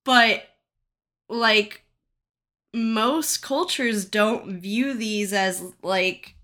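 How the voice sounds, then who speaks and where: A woman's voice: mid-range voice, drawn-out words, sharp tone. A woman in a casual podcast chat, talking wryly with many fillers. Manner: chatty, many "like" fillers, wry.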